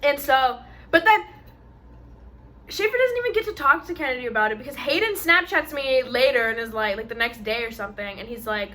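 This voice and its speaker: Bright, higher-voiced young woman storyteller. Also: brisk, a little hiss or hum. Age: young adult. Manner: animated storyteller, acts out quotes, many fillers. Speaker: co-host telling a story. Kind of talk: casual mukbang chat.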